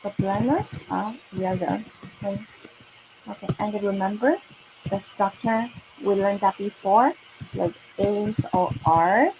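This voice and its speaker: A woman's voice: medium pitch, measured pace, noisy background. A woman teaching a lesson for kids, speaking patiently, repeating words and often checking with "okay?" and "right?". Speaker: Mandarin teacher. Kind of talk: online kids' language lesson.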